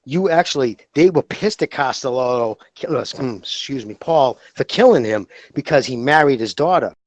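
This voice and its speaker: A man's voice: medium pitch, animated, normal speed, dry recording, lo-fi sound. A man co-hosting a podcast in casual chat, talking in a heated, profane, rambling way. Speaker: podcast co-host.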